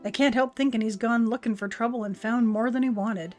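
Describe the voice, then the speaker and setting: A woman's voice: on the high side, steady tone, a little fast, soft background music, natural voice. A woman reading the lines of a stern farm overseer from a video game aloud, in an old-fashioned rustic way. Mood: earnest. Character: stern farm overseer vowing to punish a rogue.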